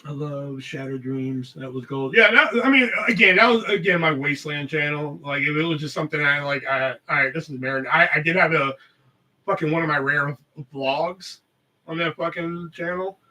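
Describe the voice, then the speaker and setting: A man's voice: a little high, moderate pace, sharp tone, far from the mic, poor audio. A man hosting a live podcast, telling rambling stories in casual, heavily profane chat. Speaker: podcast host.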